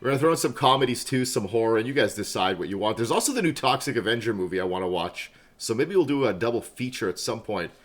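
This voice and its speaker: This livestream gamer talks fast and expressively at a medium pitch, barely pausing. Buzzing on coffee, he chats casually, laughs frequently and greets viewers by name as his keyboard clicks behind him.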